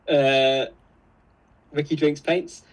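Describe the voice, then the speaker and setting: A man with a slightly high voice co-hosts a live stream, chuckling casually as he reads viewer comments from the live chat aloud. The recording quality is low.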